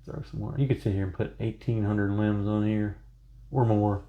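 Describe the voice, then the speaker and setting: A man's voice: lowish voice, little pitch movement, moderate pace, dull audio. A man chatting casually through a painting tutorial, rambling into self-joking asides as he works. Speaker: painting instructor.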